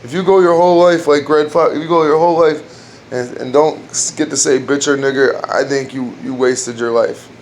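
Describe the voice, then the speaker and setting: A man's voice: medium pitch, steady tone, a little fast, a little hiss or hum. Rambling crude man telling jokes at home. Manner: rambling, crude, restarts jokes and laughs at his own lines. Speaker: amateur comedian trying out jokes. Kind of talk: casual joke-telling at home. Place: dark room at home.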